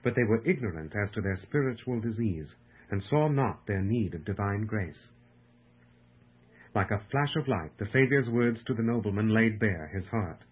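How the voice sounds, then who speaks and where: A man giving a slow, solemn, reverent audiobook reading of a devotional text. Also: fairly low pitch, lively intonation, breathy edge. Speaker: narrator. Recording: tinny phone-like lo-fi sound.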